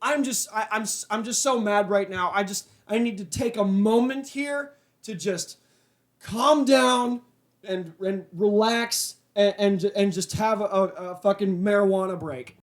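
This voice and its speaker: A man hosting a casual podcast, ranting with profanity and stammered restarts, then settling into a low, laid-back tone. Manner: animated, profane, restarts and stammers when worked up; calms down to a low, mellow, drawn-out tone. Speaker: podcast host.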